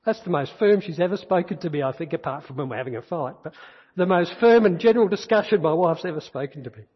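Raspy pastor preaching in an echoey hall. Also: male voice, on the high side, animated, quick pace. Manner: earnest preaching, reads scripture aloud, repeats key phrases. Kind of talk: sermon. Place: church. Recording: dull echoey church hall recording.

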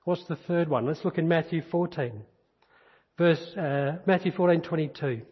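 A man's voice, slightly high and a touch husky, delivers a sermon with earnest repetition. He sounds as if he is in a church hall with a long echo. The recording is dull and muffled. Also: moderate pace. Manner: earnest preaching, reads scripture aloud, repeats key phrases. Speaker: pastor.

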